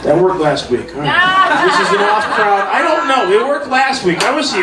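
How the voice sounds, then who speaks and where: A man on a comedy club stage, with a high voice that leaps all over. He swears freely and breaks into loud shouted bits. The sound is roomy and a little far from the mic. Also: sing-song, normal speed, over a noisy crowd. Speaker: stand-up comedian. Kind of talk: open-mic stand-up doing impressions.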